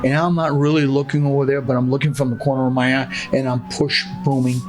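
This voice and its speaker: A man's voice: mid-range voice, level tone, quick pace, slight background noise. An older man, a former smuggler, recounting his past in an interview, acting out quotes and laughing as he talks. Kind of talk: storytelling interview.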